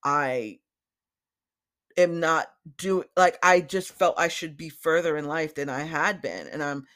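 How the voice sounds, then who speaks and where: A woman in her forties hosting a podcast, talking through a personal reflection with emotion, sometimes choked up, with many pauses and restarts. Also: deep voice, a bit bright. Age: 40s. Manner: unhurried, with many fillers and restarts. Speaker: podcast host.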